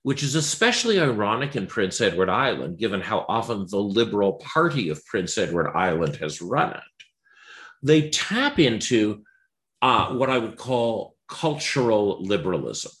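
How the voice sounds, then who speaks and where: A man's voice: fairly low pitch, big pitch swings, normal speed, fairly bright tone. A man giving an unscripted political commentary, wry and digressive, with many ums and uhs.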